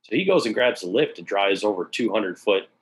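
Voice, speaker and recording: A man's voice: fairly low pitch, lively intonation, fairly quick, poor audio. A man casually telling a long work story, sprinkled with swearing and acted-out quotes. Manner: casual, profane, acts out quoted voices.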